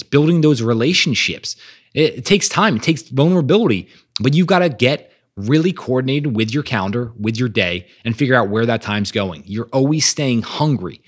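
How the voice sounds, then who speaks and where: A man hosting a podcast, talking with energy and emphasis about growth mindset and reading quotes aloud. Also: mid-range voice. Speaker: podcast host. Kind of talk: motivational monologue.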